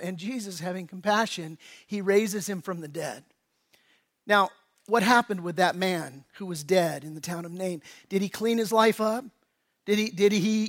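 A male pastor preaching a sermon in a folksy, conversational way, rising loud for emphasis and dropping low and quiet on solemn points. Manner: folksy, conversational preaching with animated swings in volume.

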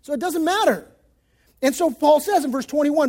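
A male pastor giving a sermon in an emphatic, folksy style with casual slang, moving between loud stresses and hushed passages. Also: extremely high pitch, moderate pace.

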